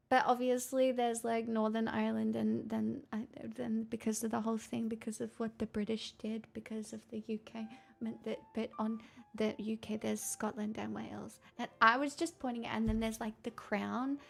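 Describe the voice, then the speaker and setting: A woman's voice: fairly high pitch, level tone, moderate pace, gravelly. A young Australian woman streamer chatting casually, rambling and swearing freely. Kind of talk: casual livestream chat.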